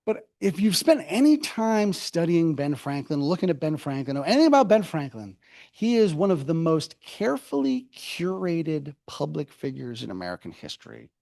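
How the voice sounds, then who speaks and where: In a university hall, an author giving a book talk delivers a public history lecture as a lively storyteller, tossing off quick mocking asides about people. His gravelly voice sits a little high and swings widely in pitch.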